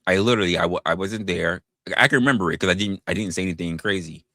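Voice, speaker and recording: A man streaming online in casual chat, venting in an animated way with frequent restarts, swearing freely, and rising to incredulous outbursts. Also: low-pitched, no room sound, studio quality. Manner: halting restarts.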